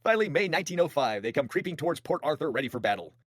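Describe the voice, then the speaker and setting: Fast-talking animated male podcast host. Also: on the high side, no echo. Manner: fast, animated, jokey retelling with voiced asides. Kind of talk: casual history storytelling.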